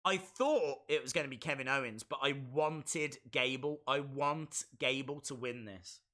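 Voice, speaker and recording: A man hosting a live stream, reacting to a wrestling show in excitable, chatty, self-mocking commentary. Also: medium pitch, unhurried.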